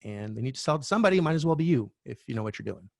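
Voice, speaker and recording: A middle-aged man, a real estate coach, telling a candid personal story as a podcast guest, animated and swearing now and then. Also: medium pitch, rapid-fire, creaky, no room sound, clean studio sound. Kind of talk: storytelling interview talk.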